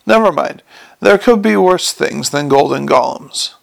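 A man doing a sharp, brisk young woman. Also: fairly high pitch, expressive, vocal fry, no echo, heavily acted. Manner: brisk, sharp, matter-of-fact.

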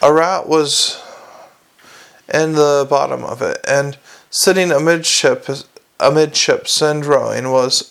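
A man's voice: fairly high pitch, takes it slowly, gravelly, fairly bright tone. A man reading a comic fantasy novel aloud, with a dry, wry delivery. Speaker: audiobook narrator.

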